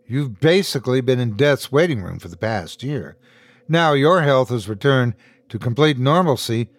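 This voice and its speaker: Guy playing a fed-up husband snapping at his wife, lively pitch, dry sound. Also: no room sound. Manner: snapping, exasperated. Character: stunned, angry husband, adult man.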